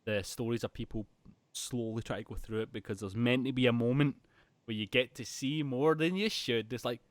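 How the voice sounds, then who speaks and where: A man's voice: mid-range voice, fairly quick, dry recording. A man co-hosting a casual film podcast, swearing freely and laughing hard as he retells scenes. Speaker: podcast co-host.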